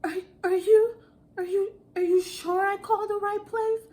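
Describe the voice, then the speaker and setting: A woman's voice: very high-pitched, moderate pace, a little mellow, voice pushed up. A woman voicing a frightened female caller who speaks in a shaky, stammering voice. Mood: nervous, unsure. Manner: hesitant, stammering, repeating herself.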